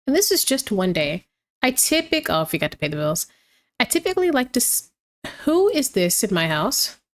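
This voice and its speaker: A woman casually commenting on her gameplay, chatty and lively, talking to the game characters as she goes. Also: mid-range voice. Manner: chatty, reacts aloud, talks to the game characters.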